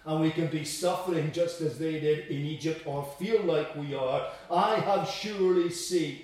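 A man preaching a sermon in an earnest, emphatic way, rising in pitch and force to stress his points. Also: normal speed, hardly any pauses, darkish tone. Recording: echoey hall from far off.

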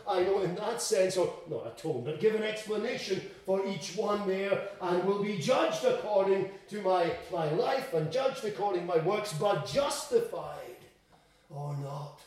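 A man preaching a sermon in a church, emphatic, swinging between loud and quiet to drive home his points. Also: sits high, animated, measured pace. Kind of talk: expository sermon. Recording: echoey room, distant mic.

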